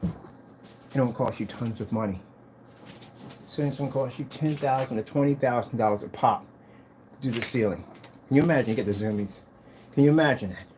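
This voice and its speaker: A man showing off his business's screen paint in a casual vlog, talking in an excitable, rambling, hyped-up way. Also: mid-range voice, slight background noise. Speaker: screen paint business owner demonstrating products. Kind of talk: casual product demo vlog with storytelling.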